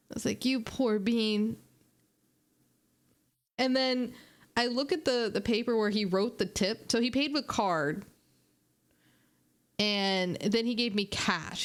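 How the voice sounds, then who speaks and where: A young woman streamer tells animated, chatty stories to her viewers in a medium-pitched voice, laughing and swearing as she goes.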